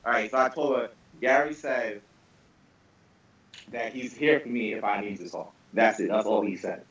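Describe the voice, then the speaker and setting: A man recounts a story during a casual group podcast, animated and quick to swear, stumbling over and repeating his words as he builds the tale. His voice sits at an ordinary middle pitch. It comes through a roomy, far-off call line with dull, muffled sound. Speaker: podcast panelist.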